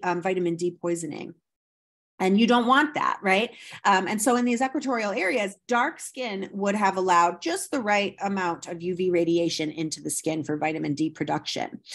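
A woman at a middle pitch, recording a slide lecture for an anthropology course. She explains step by step, leans on frequent ums and fillers, and keeps asking her listeners rhetorical questions.

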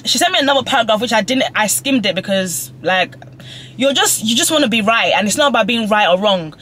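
A woman's voice: on the high side, lively intonation, fairly quick, pushed and bright. A young woman vlogging from her car, venting emotionally and swearing freely as she talks through a falling-out with a friend. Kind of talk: casual vlog rant. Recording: car noise behind the voice.

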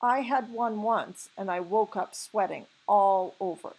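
A woman voicing a curious, anxious young girl, in a higher, raspy voice. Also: unhurried, darkish tone, poor audio.

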